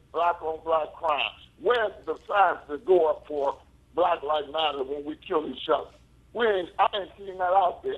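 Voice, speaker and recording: An angry, grieving man calling in to a talk show, repeating himself emphatically. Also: on the high side. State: grieving and upset. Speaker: caller. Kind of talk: call-in radio talk. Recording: tinny phone line.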